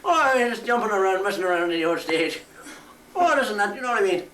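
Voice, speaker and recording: A man's voice: big pitch swings, quick pace, a little hiss or hum. A teenage boy doing an impression of a joking comedian guest, in an improvised spoof chat show. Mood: jokey. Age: teens. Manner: high bright jokey voice, laughing a lot. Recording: echoey home video from far off.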